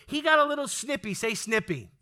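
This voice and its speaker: A man preaching a sermon to a congregation, animated, calling for amens and acting out the lines he quotes. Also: very high-pitched, brisk. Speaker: pastor. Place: church sanctuary with congregation.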